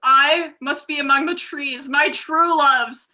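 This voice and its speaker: A woman improvising a furious tree guardian creature who makes blunt, shouty threats. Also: high-pitched, fairly even intonation, takes it slowly, exaggerated voice. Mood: angry. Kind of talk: improv comedy.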